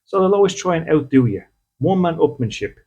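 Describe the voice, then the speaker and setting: A man's voice: on the high side, big pitch swings, fast talker, warm tone, slightly rough, highs cut off. A man, a spiritual medium, talking casually to his audience and often checking in with "okay?". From Ireland. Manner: conversational, acts out little dialogues, often checks in with "okay?". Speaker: spiritual medium and podcast host.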